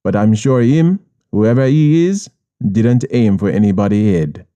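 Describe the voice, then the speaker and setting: Jamaican man, audiobook narrator, streetwise, profane, very dark mellow voice, low pitch. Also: a little slow, lo-fi sound. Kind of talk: first-person audiobook narration in patois.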